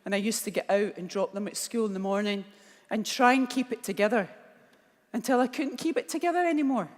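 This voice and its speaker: A woman's voice: mid-range voice, fairly quick. Glaswegian woman speaking in a reverberant hall. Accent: Scottish, Glaswegian. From Scotland. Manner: candid, emotional storytelling. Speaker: keynote speaker. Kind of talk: motivational speech. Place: large conference hall. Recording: long reverb of a large hall.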